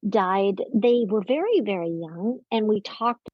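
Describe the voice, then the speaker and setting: A woman psychiatrist and parenting expert, a guest in a podcast interview, talking in a lively storytelling way. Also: medium pitch, a little slow, dry recording. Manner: warm-hearted storytelling, lively, quotes people in acted voices. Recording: dry, slightly dull recording.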